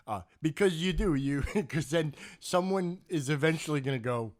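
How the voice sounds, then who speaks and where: Male co-host, casual chat, lively pitch, rambling and profane. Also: normal speed. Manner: animated, rambling, swears freely. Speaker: podcast co-host.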